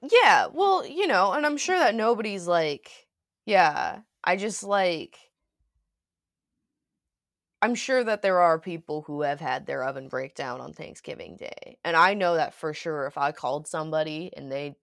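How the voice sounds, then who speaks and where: A woman's voice: on the low side, expressive, normal speed, fairly bright tone, dry recording, clean studio sound. Chatty rambling young woman on a podcast. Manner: rambling, lots of "like", laughs often. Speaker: podcast co-host. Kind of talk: casual chat.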